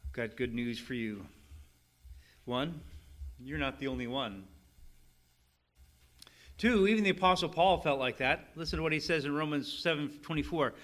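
A middle-aged male pastor delivering a sermon with a bright, forceful voice pitched a little high. He talks casually with the congregation and lifts into emphatic, animated readings of scripture. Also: normal speed, pauses often.

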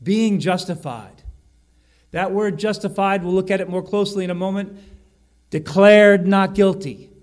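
A man preaching a sermon, slowing and rising on key phrases and often correcting himself mid-sentence. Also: high-pitched, darkish tone. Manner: emphatic, slows and rises on key phrases, frequent self-corrections. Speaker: pastor.

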